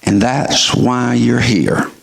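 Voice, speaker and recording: A man voicing a calm, probing male psychiatrist who presses insistently, dropping his voice lower and speaking slowly. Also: vocal fry. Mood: firm. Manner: firm and insistent.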